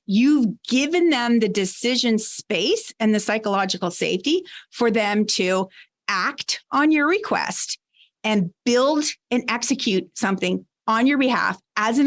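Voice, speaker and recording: A woman guest on a podcast, explaining leadership ideas in a measured, conversational way. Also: fairly high pitch, lively intonation. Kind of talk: conversational advice.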